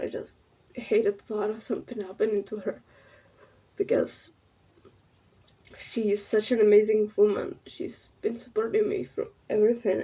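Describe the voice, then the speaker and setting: A young woman talking to camera in a personal vlog, earnest and halting. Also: mid-range voice, dark tone, breathy edge, far from the mic, low-quality recording. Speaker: YouTuber.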